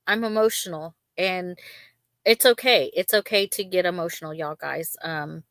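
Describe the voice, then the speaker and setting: A woman chats on a casual livestream in a lowish, somewhat bright voice at normal speed, recorded dry. She rambles, fills gaps with ums, and speaks candidly about her emotions while staying chatty.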